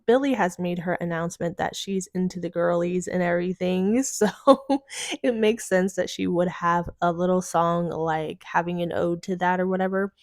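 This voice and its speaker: Low-voiced woman with a slight lisp. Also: dry recording, clean studio sound. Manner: chatty, many fillers like "like" and "um". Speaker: music reviewer. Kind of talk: casual album review commentary.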